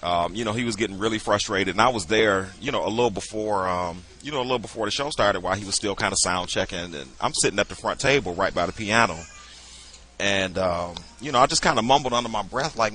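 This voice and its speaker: A man's voice: fairly low pitch, quick pace, slight background noise. A middle-aged man, a musician and producer, chatting as a podcast guest and telling stories loosely, full of "you know" fillers. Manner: relaxed storyteller, many "you know" fillers. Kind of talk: casual interview chat.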